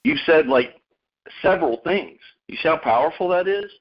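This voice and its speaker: A man's voice: a little high, expressive, normal speed. A man hosting a radio show, talking in a rambling, casual way and calling people dude and man. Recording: muffled lo-fi radio audio.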